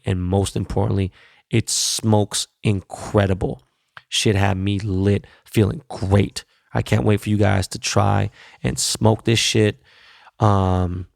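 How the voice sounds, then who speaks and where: Male podcast host, low gravelly voice, blunt profane slang, dry close sound. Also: a little mellow, no room sound. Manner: loose, profane and blunt, laid-back street slang. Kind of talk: casual solo podcast wrap-up.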